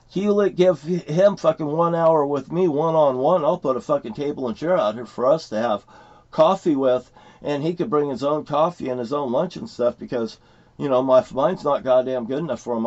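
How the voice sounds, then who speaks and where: A man's voice: mid-range voice, normal speed, darkish tone. A middle-aged man in a heated, rambling, profane rant at his home, repeating his points. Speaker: vlogger. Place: at his home property by a motorhome. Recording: dull lo-fi recording.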